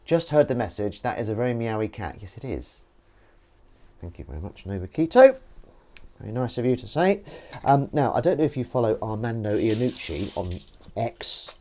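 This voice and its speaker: A man's voice: mid-range voice, very animated, unhurried, long pauses, darkish tone, a little hiss or hum. A man hosting a live stream, chatting playfully and rambling with silly asides while washing up. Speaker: streamer host.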